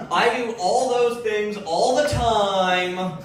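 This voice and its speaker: A man delivers a stand-up set in a deadpan, offhand way. His voice sits fairly high, and his pace is slow and unhurried. He sounds far from the mic in a very echoey room. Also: slight background noise. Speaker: stand-up comedian. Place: live comedy venue.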